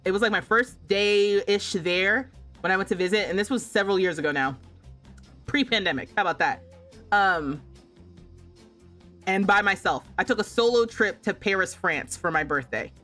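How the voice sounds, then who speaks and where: A woman's voice: medium pitch, normal speed, fairly bright tone, faint music behind. A young American woman streaming a game, casually telling a travel story, laughing often and acting out the voices of people she quotes. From United States. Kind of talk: casual storytelling while gaming.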